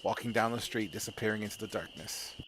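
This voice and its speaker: A man's voice: on the low side, fast talker, a bit bright, slight background noise. A man narrating a tabletop game as game master in a casual, chatty way. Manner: casual, chatty, laughs often, many fillers.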